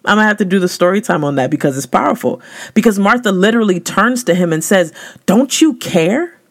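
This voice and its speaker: A woman host giving a devotional talk in a casual, slangy, emphatic way, her voice rising sharply on key words. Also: fast talker. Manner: emphatic, conversational, slangy, with sudden rises in pitch. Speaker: podcast host.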